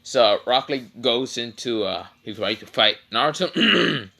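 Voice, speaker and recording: A man's voice: mid-range voice, expressive, unhurried, creaky, sharp tone. A man casually telling a fan-fiction story, rambling and swearing with many fillers, tired after little sleep.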